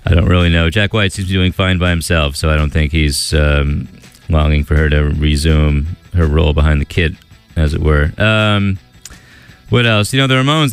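Late-night male DJ, very low and smooth, easygoing, rambling between tracks. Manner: relaxed, rambling, with many fillers. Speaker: radio DJ. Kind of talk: casual radio DJ patter.

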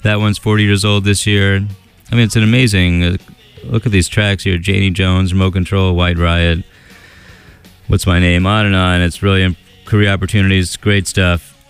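A man hosting a radio show, chatting casually between songs with a relaxed, rambling delivery and many fillers into a studio microphone. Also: low-pitched, moderate pace, clear, resonant tone, soft background music.

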